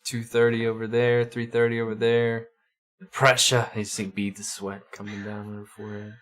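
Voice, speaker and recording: A man's voice: fairly low pitch, flat delivery, normal speed. A man hosting a livestream, chatting casually with viewers and often stumbling over and repeating his words. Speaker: livestream host.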